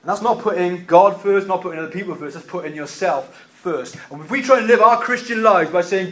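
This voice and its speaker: Emphatic preacher with a higher voice. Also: male voice, a little fast, few pauses. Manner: emphatic, repeats key phrases, swings between loud and quiet. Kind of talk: sermon.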